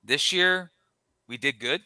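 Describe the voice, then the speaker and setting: A man's voice: on the high side, slow, pushed and bright, clear, resonant tone, dry recording. A man co-hosting a podcast in casual chat, telling a story in a rambling way with frequent restarts. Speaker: podcast co-host.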